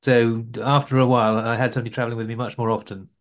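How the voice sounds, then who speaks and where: A man's voice: medium pitch, little pitch movement, rapid-fire. A man answering interview questions about his overland travels, rambling with frequent restarts.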